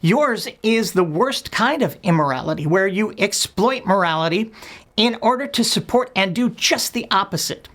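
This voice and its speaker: A woman's voice: medium pitch, lively intonation, moderate pace, a bit bright. A woman hosting a web show, delivering a scripted satirical rant in a sarcastic, scornful, blunt manner. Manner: blunt, profane.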